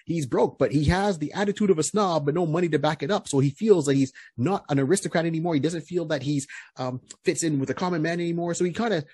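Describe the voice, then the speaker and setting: A man's voice: a little high, quick pace, hardly any pauses, darkish tone, slightly rough, no room sound. A man co-hosting a podcast, casually recapping a comic book hero's story, rambling with lots of fillers and restarts. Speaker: podcast co-host.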